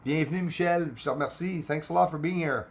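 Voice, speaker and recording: A man with a Quebec French accent hosts a laid-back space channel livestream in a slightly high voice at a quick pace. Chatting with viewers, he swears freely and goes back and forth between French and English.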